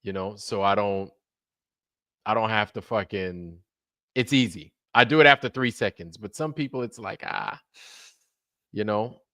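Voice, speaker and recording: A man's voice: lowish voice, unhurried, pauses often, bright, forceful tone, no room sound, clean studio sound. Laid-back swearing male livestream host. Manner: profane, laid-back, drifts into mocking impressions. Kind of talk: casual livestream chat.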